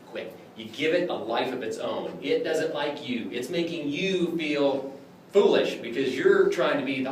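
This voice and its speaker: A man lecturing on clown magic and demonstrating tricks to a class in an animated, jokey way, often acting out his exchanges with kids. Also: medium pitch. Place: lecture room. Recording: echoey room, far from the mic, background noise.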